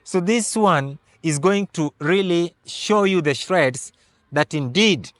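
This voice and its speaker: A man giving a political analysis monologue, laying out figures step by step in a deliberate, emphatic way. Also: fairly high pitch, lively intonation, a bit bright, no room sound. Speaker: political commentator.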